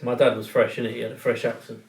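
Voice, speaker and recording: A young man telling animated, slang-heavy stories in a casual podcast chat. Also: mid-range voice, fast talker, gravelly. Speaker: podcast guest or co-host. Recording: roomy, distant mic.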